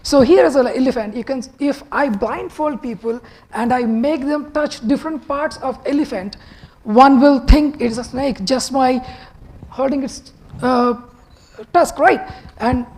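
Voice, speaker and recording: A man with a husky voice, giving a slow, conversational stage talk with some halting restarts. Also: extremely high pitch, darkish tone, rough recording. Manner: unhurried, conversational, slightly halting. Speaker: TEDx speaker. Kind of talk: public talk.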